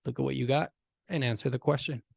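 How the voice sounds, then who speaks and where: A man teaching a casual math lesson, animated and talking directly to his students. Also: medium pitch, fast, gravelly, no echo, clean studio sound.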